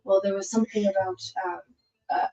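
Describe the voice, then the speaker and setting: A woman's voice: mid-range voice, little pitch movement, brisk, dark tone, slight background noise, lightly acted. A big, brawny son who stammers and hedges nervously in a tabletop game, played by a woman. He stumbles over his words and trails off. The recording is slightly dull. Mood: flustered. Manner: stammering, defensive. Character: brawny young man, cowed and flustered.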